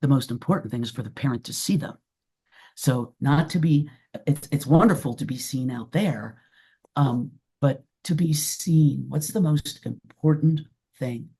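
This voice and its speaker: Woman presenter, gravelly low-key dark voice, earnest and reflective, repeats herself for emphasis. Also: a little slow. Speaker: guest presenter. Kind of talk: webinar talk and Q&A.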